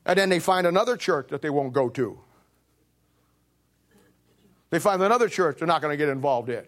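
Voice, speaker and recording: This septuagenarian man preaches from a church sanctuary with a fairly high, expressive voice and fast delivery. As pastor, he leans into folksy anecdotes, emphasizing points and dramatizing quoted speech.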